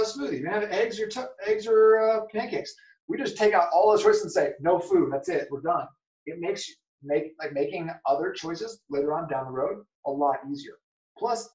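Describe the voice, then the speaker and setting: A man's voice: sits high, darkish tone, far from the mic. Rambling podcast man in an echoey room. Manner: casual, rambling, lots of "okay" and "like". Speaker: podcast host. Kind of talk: solo podcast talk.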